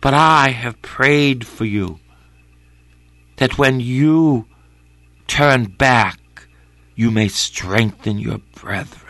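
A male preacher in prayerful preaching, who repeats his phrases and swings from loud cries to hushed whispers. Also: mid-range voice, very slow, pauses often, no room sound.

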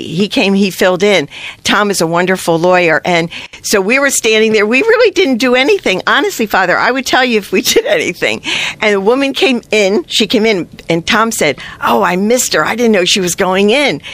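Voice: mid-range voice, expressive, moderate pace, a bit bright, dry recording. Earnest chatty storyteller, dry sound. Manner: chatty and earnest, with many restarts. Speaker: pro-life sidewalk counselor. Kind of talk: telling stories to a priest on a talk show.

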